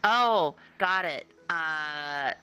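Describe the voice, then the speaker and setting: A woman's voice: low voice, expressive, extremely slow, bright, forceful tone, clean tone, soft background music. A woman in an online roleplay, playing a character and narrating as game master, stammering and rambling as she talks. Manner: stammering, rambling, restarts a lot. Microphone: online voice chat.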